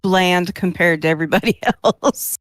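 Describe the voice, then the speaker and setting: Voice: medium pitch, fairly even intonation, normal speed, fairly bright tone, no room sound. A player at a tabletop game, asking questions in a joking, casual way.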